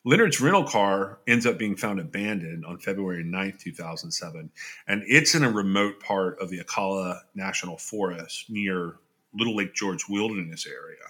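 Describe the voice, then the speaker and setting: A man's voice: deep voice, expressive, moderate pace, pushed and bright. A man hosting a true-crime podcast, reading case details aloud and adding his own casual asides. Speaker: podcast host.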